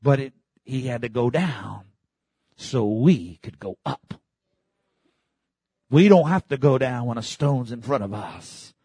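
A man preaching a sermon in a church, fervently, breaking into shouts and calling for the congregation to answer him. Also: medium pitch, lively intonation, takes it slowly, pauses often, slightly rough, dry recording. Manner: fervent preaching, bursts into shouts, call-and-response. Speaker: pastor.

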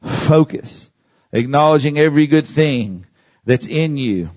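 Preacher leading call-and-response exercises. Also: male voice, on the high side, animated, unhurried, a little mellow. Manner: guides the audience through exercises with call-and-response; repeats phrases and punctuates with "Amen". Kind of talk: sermon teaching.

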